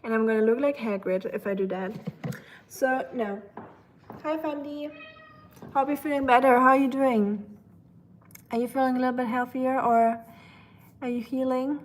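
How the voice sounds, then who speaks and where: A woman's voice: high voice, fairly even intonation, normal speed, pauses often, a little hiss or hum, rough recording. A woman from Germany with a German accent, chatting casually with viewers on a livestream while doing chores. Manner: chatty, reading chat aloud, self-deprecating.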